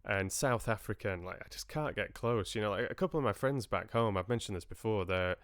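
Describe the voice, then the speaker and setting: A man's voice: lowish voice, fairly quick, a bit bright, smooth, no room sound, clean studio sound. A man hosting a livestream, chatting casually with his viewers in a rambling, friendly way with frequent restarts. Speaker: livestream host and audiobook reader. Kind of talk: casual chat with live viewers.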